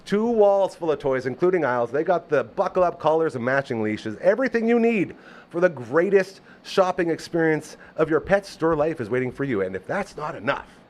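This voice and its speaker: Upbeat man doing a lively sponsor read. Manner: upbeat, salesy pitch with jokey asides. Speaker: host. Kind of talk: live-read sponsor ad and casual chat. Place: small studio.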